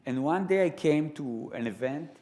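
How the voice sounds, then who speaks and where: A man with an Israeli accent telling stories live to an audience in a large sanctuary, animated and full of laughing asides. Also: fairly high pitch, normal speed. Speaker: storyteller guest. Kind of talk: live storytelling talk.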